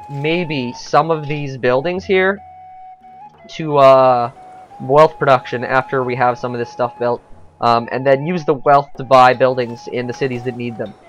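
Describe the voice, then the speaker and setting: A man's voice: medium pitch, a bit bright. A man giving casual let's-play commentary on a strategy game, thinking aloud with frequent hesitations.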